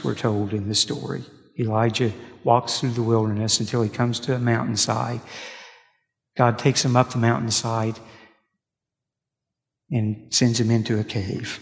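A man pastor delivering a sermon, telling stories with halting restarts. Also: mid-range voice, steady tone, creaky. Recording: long reverb of a large hall.

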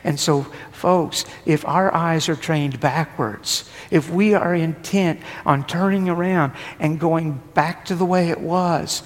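A man preaching a sermon, pushing his voice up with force and then sinking into hushed, almost whispered passages. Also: fairly high pitch. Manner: rises and presses hard, then drops to a hushed near-whisper. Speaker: pastor. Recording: long hall reverb, faint noise.

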